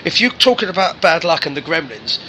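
Quick, bright host. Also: male voice, on the high side, sing-song, slight background noise, poor audio. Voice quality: eager, chatty, prompts the guest for stories. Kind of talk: casual interview chat.

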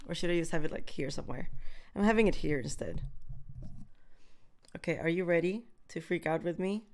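Excitable young woman streaming a reaction. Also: fairly low pitch. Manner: excitable, nervous chatter with laughs and shrieks.

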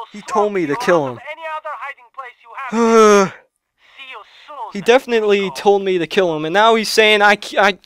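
A young man giving excitable gameplay commentary on his own gaming channel, shouting and yelping at the game between quick chatter. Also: high-pitched. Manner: loud, yelps and shouts at the game. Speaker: let's play gamer. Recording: lo-fi restored audio.

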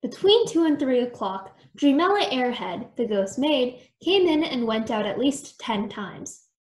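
A woman reading a children's storybook aloud in an expressive storytelling manner. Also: sits high, a little slow. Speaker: storytime reader. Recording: echoey room.

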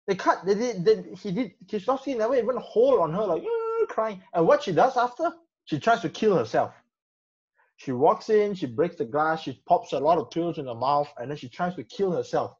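A man in a casual film discussion, talking haltingly with many restarts and "you know" fillers. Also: high-pitched, lively intonation, breathy edge. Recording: dull lo-fi sound.

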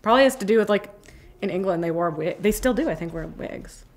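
A chatty woman co-hosting a relaxed stream, reading viewer questions aloud. Her voice moves up and down in a lively way while sitting at a middle pitch. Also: fast talker, a little hiss or hum. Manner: chatty, laughs often, reads viewer questions. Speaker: co-host, lawyer. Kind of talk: casual chat.

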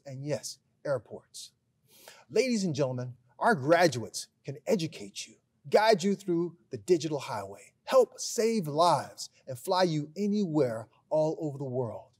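A school principal gives a recorded graduation speech, telling a humorous story with deadpan timing before turning to the graduates with emphatic pride. His voice is fairly high and slightly rough, building up to a proud address.

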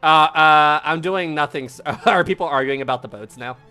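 A man's voice: a little high, normal speed, pushed and bright, clear, resonant tone, soft background music. A man hosting a live game stream, commenting playfully, laughing often and putting on theatrical farewells. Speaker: streamer and host.

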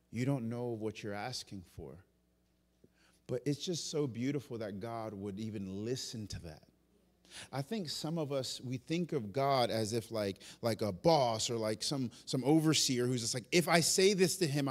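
A male pastor preaching a passionate sermon. He swings from loud, urgent peaks to quiet, intimate asides and acts out prayers and God's replies in the first person. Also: mid-range voice, long reverb tail. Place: church sanctuary.

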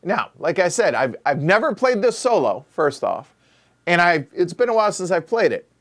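A man with a voice a touch higher than most men's hosts a live board game stream. He talks casually and folksily, saying y'all, and rambles and restarts his lines. His tone stays easygoing and chatty throughout. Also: very animated, normal speed, a bit bright. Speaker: board game show host.

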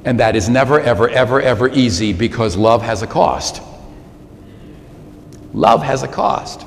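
Priest, 60s, man: slow, emphatic sermon delivery, echoing church. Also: medium pitch, gravelly, a little hiss or hum. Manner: animated, emphatic repetition. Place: large church. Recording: reverberant church, faint ambience.

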